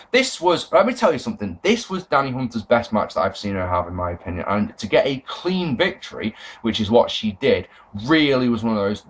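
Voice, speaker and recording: A young man from England talking casually to camera, rambling excitedly and swearing freely as he reviews shows. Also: medium pitch, poor audio. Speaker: wrestling fan vlogger.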